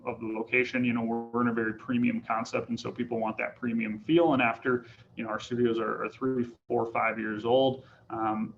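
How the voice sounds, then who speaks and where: A man's voice: mid-range voice, fairly bright tone, a little hiss or hum. A man presenting on a business webinar, rambling with many fillers and restarts. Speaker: franchise company president. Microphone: video call. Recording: dull lo-fi webinar audio.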